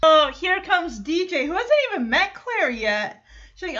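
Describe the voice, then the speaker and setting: A woman with a high, sing-song voice, pushed and bright, hosts a podcast at a moderate pace, recapping a sitcom episode. She chats freely, laughs a lot, and performs the lines she quotes, all on a muffled lo-fi recording.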